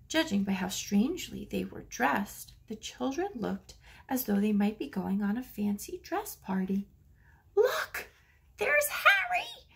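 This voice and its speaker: A woman reading a children's storybook aloud as narrator, slipping into soft whispers for hushed lines. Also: medium pitch, expressive, moderate pace, creaky. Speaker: audiobook narrator.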